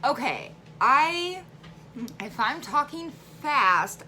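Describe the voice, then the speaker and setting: A woman's voice: lowish voice, normal speed, pushed and bright, slight background noise. A woman with a central Illinois accent, chatting animatedly and laughing easily as she vlogs at home. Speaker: vlogger. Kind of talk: casual chat.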